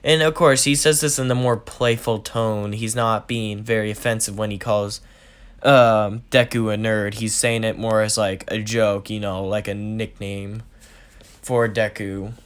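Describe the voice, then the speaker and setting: Casual rambling young man, smooth voice. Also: on the low side, steady tone, a little slow. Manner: rambling, full of "like" and "basically". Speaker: channel storyteller. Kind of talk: casual retelling of a fan story.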